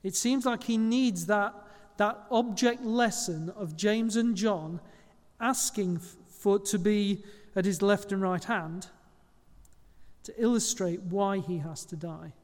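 A man gives a sermon in a relaxed, conversational way, stopping now and then to correct himself. His voice sits high for a man. The long reverb of a church hall trails behind every phrase. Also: takes it slowly. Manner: conversational preaching with small slips and self-corrections. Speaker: pastor.

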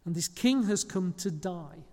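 A man gives a sermon in a relaxed, conversational way, stopping now and then to correct himself. His voice sits high for a man. The long reverb of a church hall trails behind every phrase. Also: a little slow. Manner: conversational preaching with small slips and self-corrections. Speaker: pastor.

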